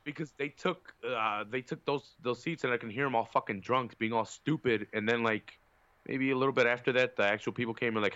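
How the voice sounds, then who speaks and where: A man's voice: mid-range voice, a little fast, sharp tone, clear, resonant tone, no room sound, highs cut off. A man on a podcast telling a long, profane, rambling story in casual chat, with lots of fillers. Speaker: podcast co-host.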